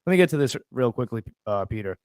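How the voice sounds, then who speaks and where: A man's voice: mid-range voice, lively intonation, quick pace, darkish tone, clean tone, no echo. Chill guy co-hosting sports talk, jokey, dry close mic. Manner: laid-back, repeats himself, joking asides. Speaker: podcast co-host.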